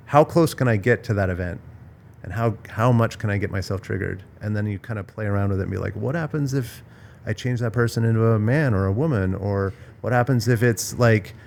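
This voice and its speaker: A podcast host with a lowish, creaky male voice is heard over slight background noise at a villa in Bali. In a casual, reflective conversation, he works through ideas thoughtfully and searchingly, often restarting and repeating phrases.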